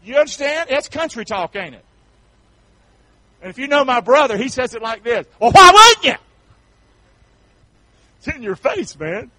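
Man, Southern accent, pastor preaching, folksy, high voice, lots of swoops up and down. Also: no echo, poor audio. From North Carolina. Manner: folksy, swings from shouts to soft asides, calls for amens. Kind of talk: sermon.

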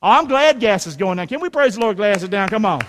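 A man in his forties preaching a sermon to a congregation, animated and often shouting, firing rhetorical questions at the room. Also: high-pitched, quick pace, slight background noise. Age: 40s. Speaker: pastor. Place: church sanctuary.

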